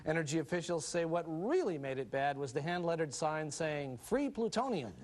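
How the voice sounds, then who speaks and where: A man anchoring a comedy news segment with deadpan joke delivery. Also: fairly high pitch, a little fast, a faint crowd. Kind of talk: comedy sketch news reading. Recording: noisy TV studio with audience. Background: studio audience.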